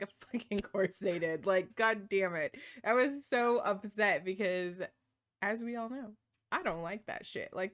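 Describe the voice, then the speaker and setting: A woman's voice: mid-range voice, fairly bright tone. A woman co-hosting a podcast in casual chat, laughing often and swearing freely. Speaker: podcast co-host.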